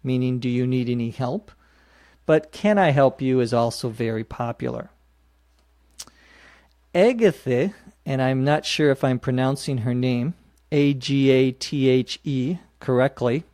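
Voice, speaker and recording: A man's voice: mid-range voice, a little slow, darkish tone, no room sound, clean studio sound. A man hosting an English-learning podcast, explaining phrases patiently and spelling words out letter by letter. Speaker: podcast host teaching English. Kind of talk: slow explanatory teaching.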